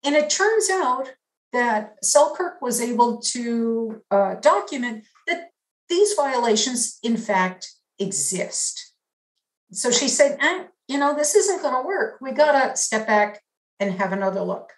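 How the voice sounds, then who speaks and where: A woman with a New York accent giving an academic lecture in a measured, explanatory way, stressing key terms. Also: a little high, very animated, echoey room, rough recording.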